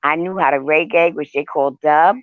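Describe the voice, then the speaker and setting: An older woman chatting casually and telling lively stories, calling her listener honey. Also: deep voice, moderate pace, dry recording. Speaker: host. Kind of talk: casual storytelling chat. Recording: dull lo-fi sound.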